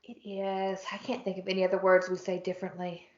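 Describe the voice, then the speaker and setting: A woman's voice: on the low side, monotone, fairly quick. A woman with a Southern American accent co-hosting a podcast in casual, joking chat. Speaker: podcast co-host. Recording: roomy, muffled podcast audio.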